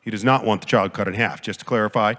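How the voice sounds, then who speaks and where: A man giving a conference lecture as a professor, lively and jokey, often acting out quoted voices. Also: fast talker. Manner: animated, jokey, acts out quotes with big pitch jumps. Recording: long hall reverb.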